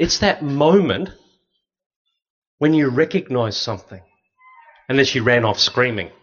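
Lively Australian priest telling stories. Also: male voice, mid-range voice. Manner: lively, anecdotal, acts out other people's voices. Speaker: Catholic priest. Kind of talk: storytelling talk with slides. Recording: dull, slightly lo-fi sound.

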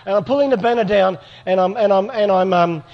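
The recording cuts off the highs of this middle-aged man's high voice as he talks a little fast. Addressing a live audience in a sermon, he tells stories earnestly and performs lines of dialogue.

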